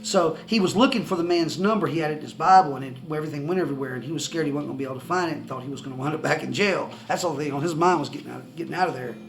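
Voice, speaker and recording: A man telling a personal testimony story to the camera, excitable and rambling with many restarts. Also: on the high side, very fast, creaky, hardly any pauses, faint music behind, poor audio. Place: indoors, seated facing the camera.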